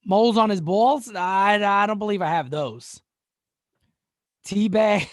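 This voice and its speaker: This sports channel host speaks slowly with long pauses, his high-sitting voice still animated. On his casual live-stream chat he jokes, laughs a lot and stumbles over repeated words, all captured at studio quality with no echo.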